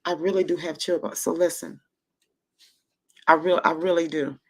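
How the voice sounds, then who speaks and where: A woman's voice: sits low, fairly even intonation, normal speed. A woman hosting a casual livestream, gushing and emotional, close to tears, who stammers and repeats herself. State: moved to near tears. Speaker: livestream host.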